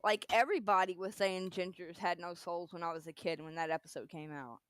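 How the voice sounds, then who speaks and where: A woman's voice: on the low side, a little fast, fairly bright tone, clear, resonant tone, no room sound. A woman co-hosting a casual livestream chat, teasing and joking with her co-host. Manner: playful and teasing. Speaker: podcast co-host.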